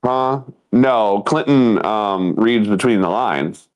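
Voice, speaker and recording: Animated storytelling man in his thirties. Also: on the low side, slow pace, clean tone. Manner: animated storyteller who acts out quotes and laughs often. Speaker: podcast co-host. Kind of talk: casual comedic chat.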